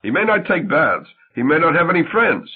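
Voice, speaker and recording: A man puts on a husky young wife from an audiobook play, her tone jumping high with feeling and swinging all over the place. She sounds tender, anxious and quick to get worked up. The sound is tinny and narrow, like it's coming down a phone line. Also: big pitch swings. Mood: exasperated.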